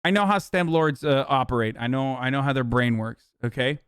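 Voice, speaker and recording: A man's voice: mid-range voice, lively intonation, a little fast, fairly bright tone, clear, resonant tone, no echo, clean studio sound. A man hosting a live stream, reacting to a news clip with heated, blunt and profane commentary. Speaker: streamer host.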